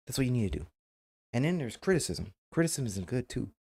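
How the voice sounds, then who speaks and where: A man's voice: medium pitch, very animated, a little fast, a little mellow, slightly rough. A man streamer giving casual, emphatic advice, repeating himself and acting out quoted remarks. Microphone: webcam mic.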